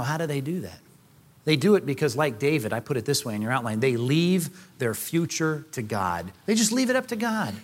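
A male pastor delivers a sermon in a lively, conversational way, often slipping into voices from the scripture passage. His voice sits fairly high and rises and falls widely. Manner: animated, acts out scripture voices, conversational asides.

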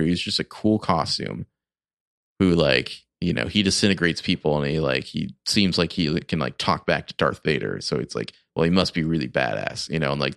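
Forties guy, deep voice, rambly podcast chat w lots of likes, dry sound. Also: gravelly, fairly bright tone, no echo. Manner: rambling, filler-heavy fan critique. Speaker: podcast co-host. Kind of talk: casual chat.

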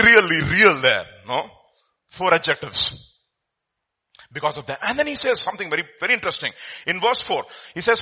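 A man preaching a sermon, reading scripture aloud and asking the congregation rhetorical questions, his voice swinging between loud and soft. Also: sits high, slightly rough. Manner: expressive preaching with rhetorical questions, voice rising and dropping sharply. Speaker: pastor.

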